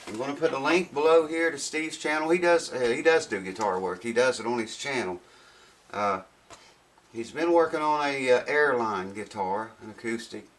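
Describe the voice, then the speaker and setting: A man's voice: mid-range voice, normal speed, fairly bright tone, low-quality recording. Folksy man rambling in his workshop. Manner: rambling, folksy, thinks aloud with restarts. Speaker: guitar repair vlogger. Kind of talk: casual unboxing chat.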